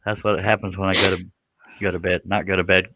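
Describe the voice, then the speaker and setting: A man's voice: low voice, level tone, fast, background noise. A man hosting a casual woodworking live stream, joking and bantering in a folksy way.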